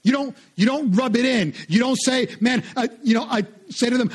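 A male pastor with a fairly high, husky voice delivers a sermon. He speaks in an animated, conversational way and repeats words for emphasis. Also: moderate pace. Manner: animated preaching, repetitive and conversational.

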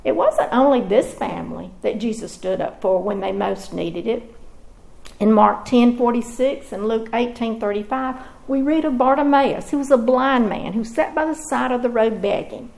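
Woman reading a bible lesson, kinda raspy fry, slow expressive storytelling. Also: fairly high pitch, poor audio. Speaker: Bible teacher. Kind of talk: scripted devotional teaching.

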